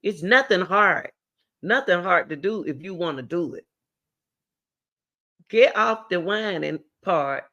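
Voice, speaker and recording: A woman's voice: lowish voice, expressive, slow, long pauses, bright, forceful tone, muffled recording. A middle-aged woman hosting a talk show, giving blunt, emphatic advice and repeating her key words. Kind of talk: direct advice talk to a caller.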